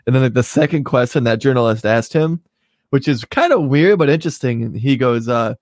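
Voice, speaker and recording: A man's voice: medium pitch, expressive, fairly quick, no echo. Man, opinionated podcast co-host, casual swearing chat, dry sound.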